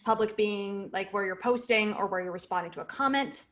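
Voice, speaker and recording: A woman's voice: medium pitch, brisk. A woman co-hosting a sales podcast, giving direct and emphatic advice in a casual chat. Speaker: podcast co-host.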